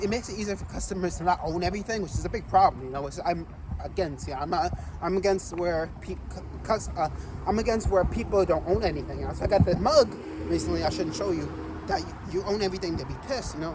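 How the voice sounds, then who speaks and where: A man vlogging while walking outdoors, rambling and repeating himself excitedly and a little out of breath. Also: sits high, recorded from a distance. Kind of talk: casual walking vlog. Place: outdoors on city streets, walking. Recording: street noise behind the voice. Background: traffic and street noise.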